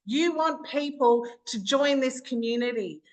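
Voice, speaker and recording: A woman's voice: high-pitched, measured pace, rough recording. An Australian woman with a bubbly, chatty manner who laughs often, leading a live online training session as a business coach over a video call.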